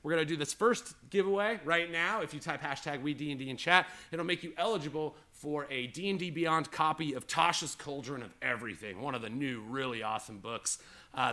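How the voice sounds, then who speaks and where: Bright-voiced male game master host. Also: mid-range voice, a little fast. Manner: rambling, heartfelt, full of fillers. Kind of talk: livestream show introduction.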